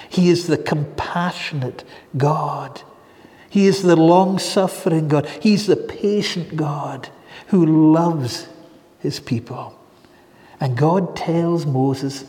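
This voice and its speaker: Slow, earnest preacher in a reverberant hall. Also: male voice, a little high, dark tone. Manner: earnest, slow and measured with emphatic pauses. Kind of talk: sermon. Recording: long reverb in a large hall.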